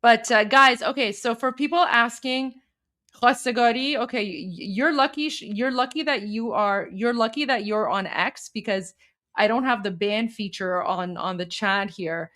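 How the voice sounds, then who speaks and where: A woman's voice: fairly high pitch, moderate pace, bright, forceful tone. A woman hosting a casual livestream, chatting with viewers in a friendly, apologetic way. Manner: chatty, apologetic, mixes Persian and English. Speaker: livestream host.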